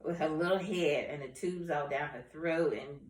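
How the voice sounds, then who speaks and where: A middle-aged woman, the host's mother, calmly recounting family memories in casual conversation. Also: deep voice, normal speed. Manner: relaxed, agrees with short murmurs, recounts calmly. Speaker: mother of the host. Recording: echoey room, mic at a distance.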